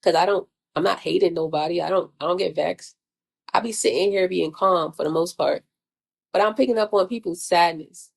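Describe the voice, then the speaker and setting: A woman's voice: lowish voice, moderate pace, creaky, breathy edge. A woman vlogger, venting in a blunt, profane monologue full of repeated rhetorical questions. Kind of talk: casual spiritual venting monologue.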